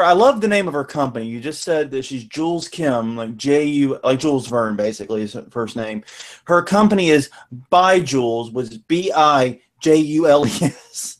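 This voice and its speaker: A man's voice: medium pitch, animated, moderate pace. A man hosting a casual podcast conversation, chatty and wry, laughing often between points. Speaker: podcast host.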